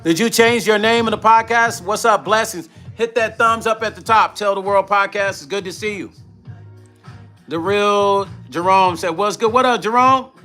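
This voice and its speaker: An older man from Brooklyn with a New York accent, chatting casually on a livestream, giving slangy shout-outs to viewers and laughing often. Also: high voice, normal speed, soft background music. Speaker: music vlogger hosting a livestream.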